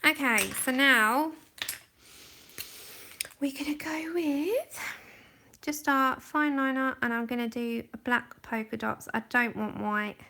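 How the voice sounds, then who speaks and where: A woman's voice: a little high, fairly even intonation, a little slow, vocal fry, hardly any pauses, bright, forceful tone. A young woman chatting and giggling as she colours on a livestream, talking into a camera set close in front of her face. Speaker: livestream host. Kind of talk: casual chat while colouring. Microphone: camera just in front of her face.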